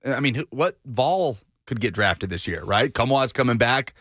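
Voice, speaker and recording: A man co-hosting a sports radio show, chatting quickly and reading sponsor spots. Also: medium pitch, expressive, a bit bright, no echo, clean studio sound. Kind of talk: casual sports radio chat.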